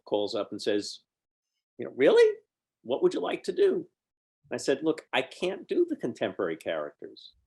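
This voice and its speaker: Older man telling wry stories. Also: fairly low pitch. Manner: wry, storytelling, dry humor. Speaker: guest. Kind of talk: relaxed interview anecdote.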